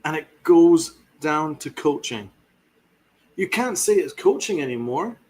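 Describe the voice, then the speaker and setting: A man hosting a sports podcast unloads a fiery, sarcastic rant that is full of swearing. His voice sits a little high and slightly husky, and it jumps up and down in pitch as he vents. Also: sing-song, a little slow, darkish tone. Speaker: podcast host. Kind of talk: ranting sports podcast commentary.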